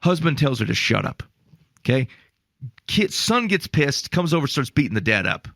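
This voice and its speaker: Gravelly man, animated faith podcast co-host. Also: mid-range voice, moderate pace, no room sound. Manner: animated, storytelling with acted-out quotes and exasperated asides. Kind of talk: casual podcast chat on faith.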